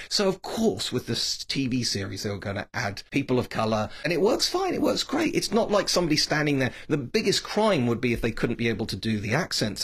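A man's voice: medium pitch, husky. A man giving a blunt, opinionated monologue about a TV series, with dismissive asides. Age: adult, grew up reading Tolkien. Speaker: TV series commentator.

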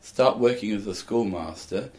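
Older male comedian guest, lowish voice, rambling and anecdotal. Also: moderate pace, darkish tone. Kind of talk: casual interview chat.

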